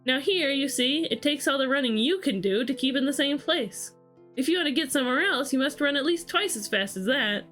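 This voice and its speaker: A woman reading aloud and voicing a brisk, bossy, commanding queen in a storybook reading. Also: sits high, animated, a bit bright, soft background music. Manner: brisk, commanding, matter-of-fact.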